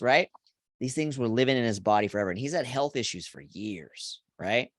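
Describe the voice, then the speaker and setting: A man's voice: normal speed, no room sound. Profane man in his forties, dry sound. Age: 40s. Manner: profane, keeps asking "right?" after each point; animated storyteller, voice jumps high when quoting friends. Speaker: live-stream host. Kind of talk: rambling live-stream monologue.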